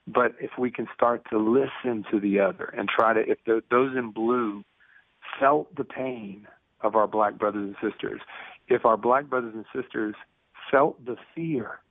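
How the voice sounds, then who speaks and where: Earnest fifty-something male guest, low voice, dry tinny phone line, story-driven delivery. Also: fairly even intonation, moderate pace, creaky, dry recording. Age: 50s. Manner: earnest storyteller, acts out dialogue. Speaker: guest, prison ministry speaker. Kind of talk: conversational interview over the phone.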